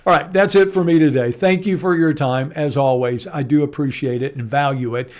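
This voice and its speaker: Man, news host, casual at-home update, chatty, animated, slightly higher pitch. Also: brisk. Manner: chatty, animated, asides to viewers.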